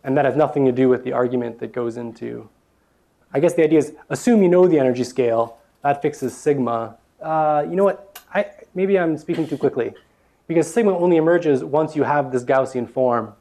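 A man's voice: mid-range voice, a little fast, creaky, dark tone. A young man giving an academic lecture with slides, talking with many fillers and restarts.

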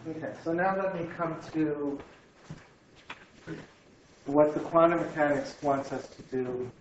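A man's voice: a little high, a little hiss or hum. A man giving a university physics lecture, thinking aloud and often stopping to restart his sentences. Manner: halting, repeats words, thinks aloud. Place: lecture room. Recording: echoey room, slightly dull sound.

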